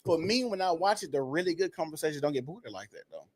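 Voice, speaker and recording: A man's voice: on the high side, expressive, fast talker, no room sound. A man co-hosting a podcast, laid-back and opinionated. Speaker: podcast co-host. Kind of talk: casual commentary chat.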